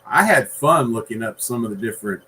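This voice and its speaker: A man, a guest author, chatting on a podcast in an unhurried, rambling way with many fillers. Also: mid-range voice, animated, bright, forceful tone, a little hiss or hum, poor audio. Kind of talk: casual podcast conversation.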